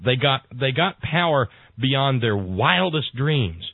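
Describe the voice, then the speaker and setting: Talk radio host, man, mid-pitched, meandering, lots of uhs, dry and tinny sound. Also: big pitch swings, slow, slightly rough, dry recording. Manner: rambling, full of hesitations and repeated words. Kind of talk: political talk radio chat. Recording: dry, tinny phone-like broadcast audio.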